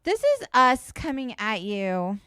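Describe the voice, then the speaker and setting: A woman's voice: on the high side, big pitch swings, slow, bright, forceful tone, clean tone, no room sound, studio quality. A woman co-hosting a podcast at home, chatting animatedly with lots of fillers. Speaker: podcast co-host. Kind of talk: casual chat. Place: home, indoors.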